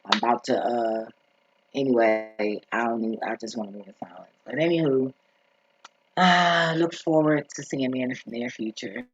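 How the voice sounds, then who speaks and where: A man's voice: mid-range voice, steady tone, moderate pace, breathy edge, no room sound. A man telling a story in a casual vlog, blunt and profane, rambling with lots of asides. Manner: rambling, profane and blunt, with frequent "you feel me". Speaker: vlogger. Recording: dull lo-fi recording.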